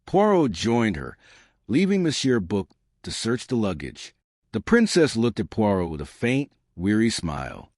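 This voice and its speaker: A man narrating an audiobook in a measured reading style. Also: lowish voice, big pitch swings, a little mellow, no room sound, clean studio sound. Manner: measured reading, giving characters their own voices. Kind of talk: scripted narration.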